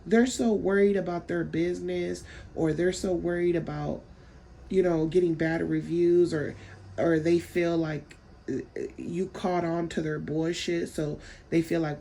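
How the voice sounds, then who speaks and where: Low gravelly woman venting bluntly. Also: fairly even intonation, unhurried, warm tone, a little hiss or hum. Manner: blunt, frank, swears casually; rambling, repeats words while telling a story. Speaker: vlogger. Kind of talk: casual storytime venting.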